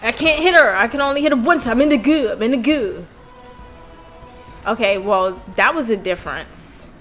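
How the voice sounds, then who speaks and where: Excitable woman yelling over a game. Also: on the high side, moderate pace, soft background music. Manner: excitable, loud outbursts, swearing. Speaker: gaming channel host. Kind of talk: let's play commentary.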